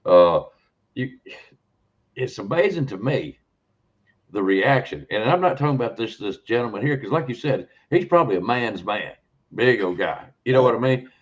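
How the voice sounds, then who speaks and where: A man's voice: medium pitch, lively intonation, normal speed, breathy edge. A man hosting a podcast who talks in a rambling way, repeating words and checking in with "okay?" as he goes. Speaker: host. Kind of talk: conversational podcast talk. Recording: dull lo-fi audio.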